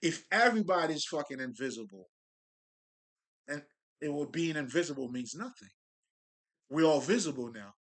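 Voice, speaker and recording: A man with a bright, forward voice talks through spiritual ideas in a loose, street-slang monologue. He circles back on his words, restarts sentences and swears casually as he works his point out. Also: fairly high pitch, big pitch swings, moderate pace, long pauses. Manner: loose, profane street talk, restarts and laughs. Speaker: spiritual speaker.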